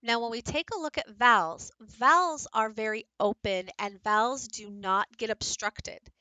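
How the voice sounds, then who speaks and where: Woman, bright clear voice, dry close recording; lecture presenter explaining sounds to fellow teachers. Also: a little high, unhurried, no echo, poor audio. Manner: explanatory, practical, addresses teachers directly. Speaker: teacher presenting a book study.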